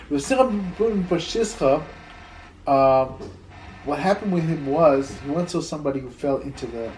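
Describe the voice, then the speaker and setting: A man's voice: a little high, warm tone, a little hiss or hum, poor audio. A rabbi teaching a Torah class in a loose, conversational way, telling stories, repeating words as he thinks, and dropping in Hebrew terms.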